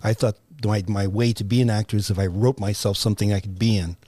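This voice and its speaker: An older American man recalling his career in a podcast interview, pausing and restarting often. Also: lowish voice, steady tone, warm tone, no room sound, clean studio sound. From United States. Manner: halting, many restarts and fillers. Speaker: guest, writer and actor. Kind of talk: reflective interview conversation.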